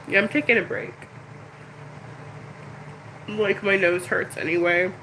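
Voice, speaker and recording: Middle-aged woman, casual live-stream chat, bright forceful voice, faint room noise. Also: medium pitch, low-quality recording. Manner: candid, rambling, emotional. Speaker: YouTuber.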